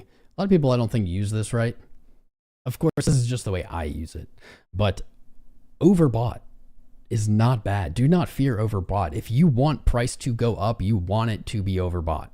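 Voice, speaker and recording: A man hosting a live trading stream, hyping up his chat and reading viewer names one after another. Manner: hypes up chat, reads out viewer names rapidly; animated, swings between loud and low. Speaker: livestream host.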